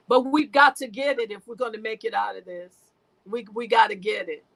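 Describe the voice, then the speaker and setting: A woman guest with a slightly high, gravelly, somewhat bright voice gives an impassioned spiritual talk. She speaks emotionally and preachily, often repeating and restarting her words. The recording is rough.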